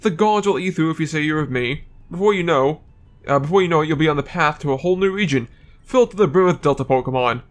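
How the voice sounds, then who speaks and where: A man's voice: on the high side, lively intonation, fast talker, natural voice. A man reading game lines as an eager male professor, stumbling over place names. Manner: reads dialogue aloud, stumbles over names.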